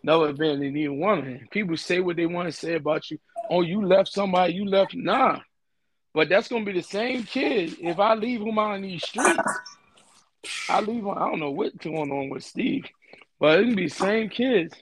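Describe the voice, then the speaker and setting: Earnest man with a fairly high voice. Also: moderate pace, fairly bright tone, slight background noise. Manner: earnest, emphatic, repeats himself. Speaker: podcast host. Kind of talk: casual podcast talk.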